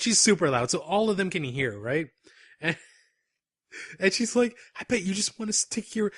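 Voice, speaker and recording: A young man co-hosting a podcast tells a story casually and animatedly, breaking into laughter as he goes. His slightly rough voice sits a bit higher than most men's. The recording is dry and close, without any room sound.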